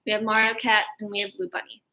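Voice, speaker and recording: A woman's voice: medium pitch, little pitch movement, fast talker, bright, forceful tone, a little hiss or hum, low-quality recording. A woman hosting a family show for children, cheerful and chatty as she shows their drawings. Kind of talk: presenting a kids' show.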